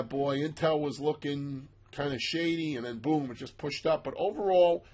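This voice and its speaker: Husky man, brisk emphatic chart talk, slightly raised pitch. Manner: animated, emphatic, self-mocking asides. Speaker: stock market analyst. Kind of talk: casual market commentary over charts.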